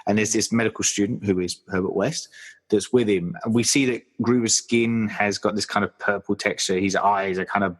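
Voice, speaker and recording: A man's voice: lowish voice, fairly even intonation, normal speed. A man co-hosting a podcast, chatting casually about a horror film with many fillers and restarts. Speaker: podcast co-host.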